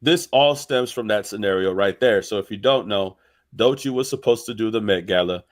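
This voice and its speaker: A man's voice: lowish voice, normal speed. A man casually recapping a story for viewers, slangy and conversational. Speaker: commentary host. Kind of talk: casual explanatory commentary.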